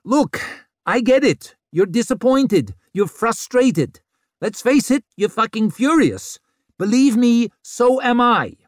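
A woman's voice: fairly high pitch, lively intonation, slow pace, dry recording, studio quality, voice pushed up. A man voicing a hard-bitten, weary female police chief inspector who talks bluntly and swears. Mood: stern. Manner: blunt and profane.

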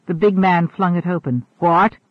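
A man reading a novel aloud in a measured, even narration. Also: fairly high pitch, no room sound. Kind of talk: audiobook narration. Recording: narrow phone-like sound.

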